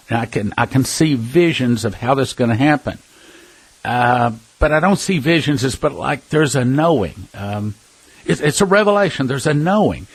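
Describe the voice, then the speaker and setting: A man's voice: mid-range voice, dry recording, poor audio. A man giving an earnest, emphatic preaching talk, telling personal stories and addressing listeners as brothers and sisters. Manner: earnest, emphatic, with scattered restarts and chuckles. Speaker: prophecy ministry speaker.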